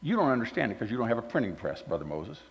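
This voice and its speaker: A man voicing God as a stern, fatherly deity scolding Moses in a folksy, low-key way. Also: very animated, very fast, husky, big-room sound, dull audio.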